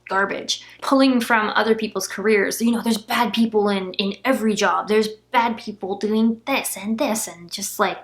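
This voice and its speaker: A young woman vlogger candidly tells the story of a painful family argument, sounding emotional and near tears at moments. Her medium-pitched voice has a gravelly fry, with fairly even intonation, a moderate pace, and almost no pauses.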